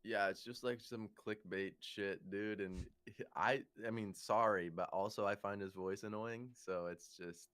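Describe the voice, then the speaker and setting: A man's voice: lowish voice, steady tone, unhurried, fairly bright tone, clean tone. A young man co-hosting a casual comedy podcast, laid-back and joking crudely. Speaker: podcast co-host.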